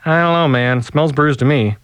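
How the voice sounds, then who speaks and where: A man's voice: a little high, normal speed, a bit bright, clean tone, dry recording, pitched above the performer's own voice, natural voice. A man voicing a smug, dismissive grocery produce manager in a story reading.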